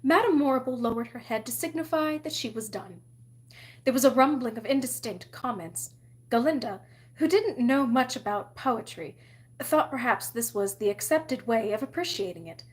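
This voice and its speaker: A woman reading a novel aloud in an expressive storytelling manner. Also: fairly high pitch. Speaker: reader.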